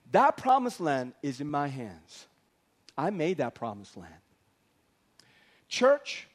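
Animated high-pitched male preacher. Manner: animated, acts out voices of biblical figures. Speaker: pastor. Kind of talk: lively comic sermon.

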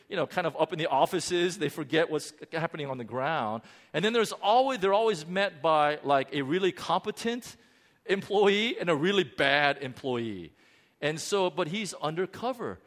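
A man preaching a sermon with animated emphasis, dramatic pauses and frequent restarts. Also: on the high side. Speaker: pastor. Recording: long hall reverb.

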